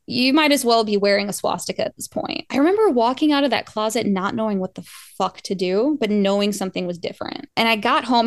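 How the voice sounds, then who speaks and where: A woman's voice: medium pitch, gravelly, dry recording, clean studio sound. A woman telling a long personal breakup story on a podcast in a casual, rambling way, with casual swearing. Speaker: podcast guest.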